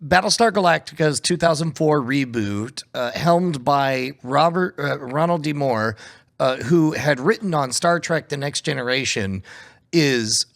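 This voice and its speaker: Halting man co-hosting, fillers galore. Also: on the high side, a bit bright. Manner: halting, many fillers and restarts. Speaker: podcast co-host. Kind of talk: casual chat.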